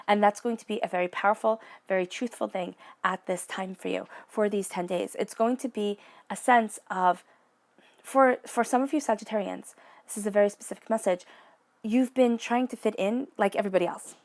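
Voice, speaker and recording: A woman giving an encouraging psychic tarot reading in a gentle, spiritual way of speaking. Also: medium pitch. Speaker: tarot reader.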